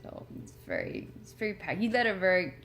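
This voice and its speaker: A woman's voice: medium pitch, expressive, brisk, a bit bright, soft background music. Rambling, earnest woman vlogger. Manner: rambling, self-deprecating, earnest. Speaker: motivational vlogger. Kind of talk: rambling casual chat. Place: home room with her cat.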